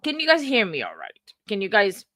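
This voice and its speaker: A woman's voice: medium pitch, huge pitch swings, brisk, a bit bright, dry recording. Woman not speaking her chatting on a home livestream, emotional, dry sound. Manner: chatty, emotional, greets viewers by name, many fillers. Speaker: livestream host. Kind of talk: casual livestream chat. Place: home room. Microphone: computer mic.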